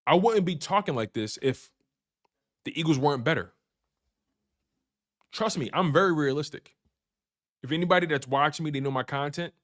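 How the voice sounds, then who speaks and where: A man's voice: on the high side, lively intonation, normal speed, pauses often, a bit bright. A man hosting a fan sports talk stream, hyped and repetitive, trash-talking the rival team. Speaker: sports show host. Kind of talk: animated sports talk livestream.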